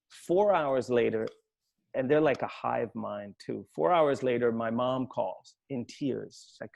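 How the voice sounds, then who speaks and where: Gravelly-voiced man telling a family story. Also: medium pitch, a little mellow. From Sweden. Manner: reflective, halting, with many restarts. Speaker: author. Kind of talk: anecdotal storytelling at an online book talk.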